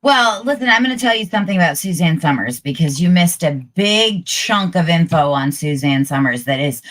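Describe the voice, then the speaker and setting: Brash joking woman, lowish voice. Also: expressive, moderate pace, a bit bright. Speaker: co-host. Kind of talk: casual bawdy chat show banter.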